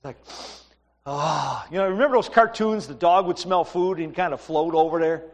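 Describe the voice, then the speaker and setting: A middle-aged male pastor with a high, lifted voice tells stories from the pulpit in a loose, chatty way. His words ring out with a long reverb. He sounds like he is in a church sanctuary. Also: moderate pace. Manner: storytelling, conversational, animated asides. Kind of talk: sermon.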